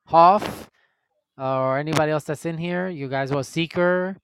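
A man's voice: a little high, normal speed, very noisy. A man hosting a casual online voice chat, calling out movie matchups and tallying everyone's votes in an upbeat way. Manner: calls out options and tallies votes, upbeat. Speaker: host running a movie vote.

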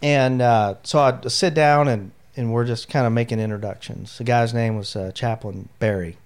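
A man's voice: medium pitch, steady tone, normal speed, smooth. A middle-aged man, an army veteran, telling his personal story in an interview, candid and emotional, with lots of "you know" fillers. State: near tears.

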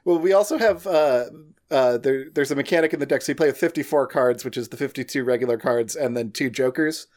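A man's voice: medium pitch, a little fast, darkish tone. Easygoing man rambling in casual chat. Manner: loose, rambling delivery with many restarts. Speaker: podcast guest, game designer.

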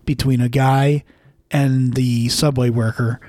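A man in his thirties co-hosting a podcast, telling stories in an animated, swearing casual chat. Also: medium pitch, moderate pace, no room sound. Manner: animated storyteller, swears freely. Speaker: podcast co-host.

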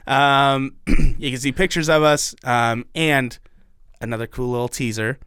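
A man's voice: medium pitch, fairly even intonation, unhurried, fairly bright tone, smooth, dry recording, clean studio sound. Casual rambling male podcast co-host. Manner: rambling, swearing, many restarts and fillers.

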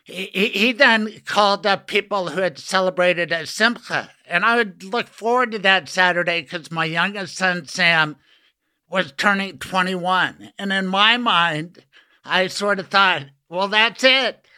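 An older man hosting a podcast, with a high voice that is very bright and sharp. His speech is smooth and clear. He talks in an earnest, emotional and rambling way. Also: measured pace. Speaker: podcast host. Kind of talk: casual interview conversation.

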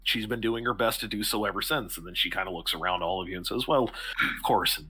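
A man's voice: deep voice, fast talker, pushed and bright, slightly rough. A man running a tabletop horror game as game master, describing characters in a rambling way with many fillers.

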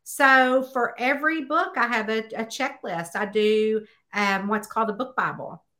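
A woman author chatting in a podcast interview, telling stories and acting out bits of dialogue with high, excited exclamations. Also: moderate pace. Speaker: guest author.

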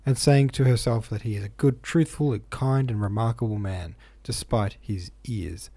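A man's voice: mid-range voice, moderate pace, warm tone, husky, no echo. A man reading a classic novel aloud and musing on it, thoughtful and a bit hesitant. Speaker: reader and discussion leader.

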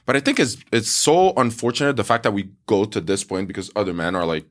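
Animated man telling stories, filler-heavy. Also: lowish voice, fast. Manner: animated storyteller, acts out quotes, many "like" fillers. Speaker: podcast co-host. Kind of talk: casual podcast storytelling.

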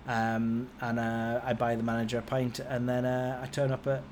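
A man's voice: moderate pace, a little hiss or hum. Man in his forties telling a story. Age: 40s. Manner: rambling, conversational, lively swings in pitch and loudness. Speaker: podcast host. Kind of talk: casual storytelling.

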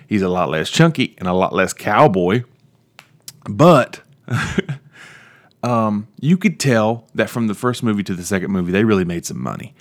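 A young man with a lowish voice hosts his own podcast, talking alone in a loose, meandering way. He restarts sentences often and warms up into animated, opinionated bursts. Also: unhurried, long pauses. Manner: rambling, self-interrupting, animated about movies. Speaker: podcast host. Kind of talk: casual solo monologue.

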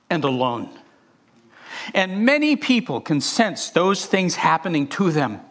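A man preaching a sermon with a rather high voice that swoops and rises all over the place. He speaks with passion, often repeating words and restarting his phrases as he builds his point. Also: fairly bright tone. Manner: impassioned, with repetitions and restarts. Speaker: pastor.

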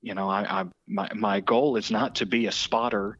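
Man, sports broadcaster, podcast guest, animated storytelling, low voice, muffled lo-fi sound. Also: moderate pace, no echo. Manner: animated anecdotes with frequent restarts and quoted voices.

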